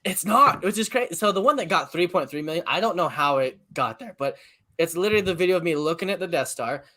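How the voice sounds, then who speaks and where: A man's voice: a little high, fast talker. Playful man guest, chatting animatedly. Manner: animated, playful, laughs easily, jokes around. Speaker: guest content creator. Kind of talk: casual chat.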